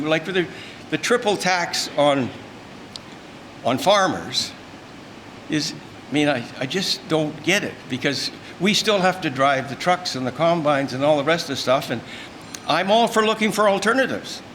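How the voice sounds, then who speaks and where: A man's voice: a little high, animated, moderate pace, a bit bright, a little hiss or hum. An older man, giving a folksy, emphatic, rambling informal speech at a luncheon. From Canada. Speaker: speaker at a luncheon. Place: event room.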